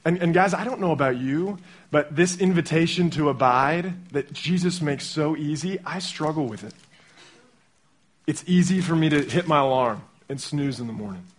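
Young guy pastor giving a sermon, kinda husky, talks like he's chatting with friends, acts stuff out. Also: a little high, normal speed. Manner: animated, conversational, acts out quotes.

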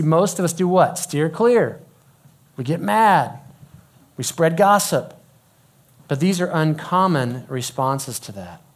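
A middle-aged man preaching a sermon in a conversational, emphatic way, dropping to a hush when he quotes people. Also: a little high. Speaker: pastor.

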